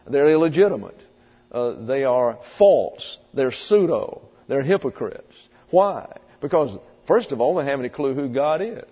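Guy preaching slow and deliberate, lots of uh's, dull echoey hall sound. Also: mid-range voice, lively intonation, husky. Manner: slow, deliberate teaching with many uh fillers. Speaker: pastor. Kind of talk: sermon.

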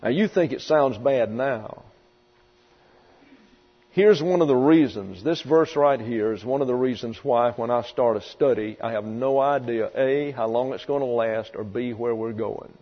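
A man's voice: mid-range voice, measured pace. Emphatic male preacher in a reverberant hall. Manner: emphatic, acts out voices in quotes. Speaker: pastor. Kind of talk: expository sermon. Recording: reverberant hall, dull lo-fi sound, mains hum.

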